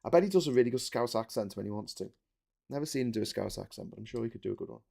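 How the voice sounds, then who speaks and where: A man's voice: mid-range voice, racing, vocal fry, mellow. A man in his forties, hosting a casual live stream and rambling animatedly, with the odd swear. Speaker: livestream host. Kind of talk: casual live-stream chat while building.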